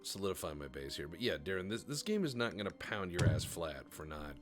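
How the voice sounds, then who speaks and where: A man hosting a casual gaming session, joking around, swearing, and breaking into animated asides. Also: sits low, a little fast, soft background music. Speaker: host of a gaming show.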